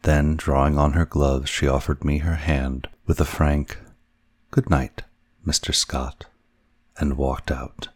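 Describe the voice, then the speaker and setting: A man narrating a classic story in a measured, even reading. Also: rumbling low, dry recording, studio quality. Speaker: audiobook narrator.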